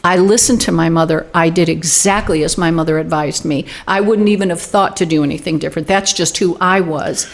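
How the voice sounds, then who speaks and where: A woman's voice: fairly low pitch, fairly quick, hardly any pauses. A woman in her sixties, a guest in an interview, telling a personal story with animation and acting out the quoted dialogue. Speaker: guest, UFO group director.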